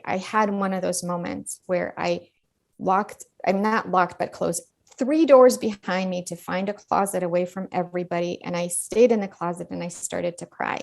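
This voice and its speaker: Gravelly-voiced woman speaking candidly. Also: medium pitch, a little mellow. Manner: earnest, repeats words as she talks. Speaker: dentist guest. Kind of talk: candid podcast conversation.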